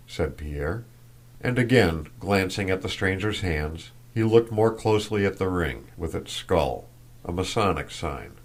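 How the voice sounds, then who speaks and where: A man reading a classic novel aloud as an audiobook narrator, in a measured, even delivery. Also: low voice. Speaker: audiobook reader. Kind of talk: scripted narration.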